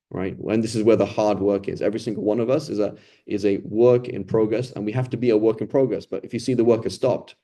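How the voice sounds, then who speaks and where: A man with a low, mellow voice teaching a relaxed Quran lesson. He talks conversationally and keeps asking "right?" to check in with his listeners. Now and then he acts out the people he describes. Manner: conversational, often ends points with "right?"; acts out quoted complainers and beggars. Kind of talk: casual explanatory Quran lesson.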